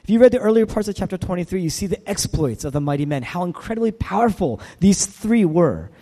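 A man preaches a sermon with an animated, emphatic delivery, full of repetition and rhetorical questions. His voice is mellow and fairly high. A long reverb hangs in the hall around him. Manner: emphatic, repeats phrases, asks rhetorical questions. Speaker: pastor.

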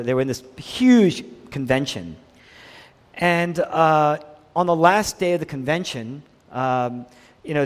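Dynamic preaching man in a reverberant hall. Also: on the high side. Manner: dynamic preaching, swinging from loud emphasis to hushed quiet. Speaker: pastor. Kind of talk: sermon.

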